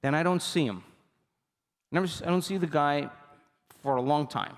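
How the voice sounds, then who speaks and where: A man giving a motivational seminar talk, telling stories with animated energy and often checking that the audience is with him. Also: fairly high pitch, moderate pace, long reverb tail. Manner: animated storytelling, repeatedly asks the audience for agreement. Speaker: seminar speaker.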